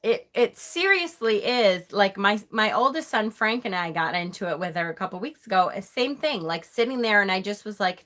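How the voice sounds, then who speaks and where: A woman's voice: medium pitch, lively intonation, moderate pace, fairly bright tone. A middle-aged woman hosting a live tarot stream, chatting casually with an exasperated, laughing manner.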